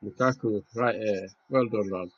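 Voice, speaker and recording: Excitable man reacting to football, husky. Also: lowish voice, normal speed, no room sound. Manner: excitable, swings between shouting and hushed awe. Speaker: football watch-along host. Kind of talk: emotional live match reaction. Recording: muffled lo-fi home recording.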